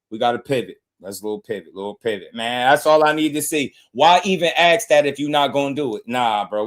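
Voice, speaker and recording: In a medium pitch, an excited man hosting a boxing podcast talks fights on a livestream. He laughs a lot and stays animated, lurching between shouts and mutters.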